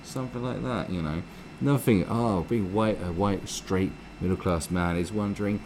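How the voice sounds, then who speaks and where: A man's voice: on the low side, moderate pace, a little hiss or hum, low-quality recording. Profane, ranting British man. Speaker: live stream host. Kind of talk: casual commentary rant.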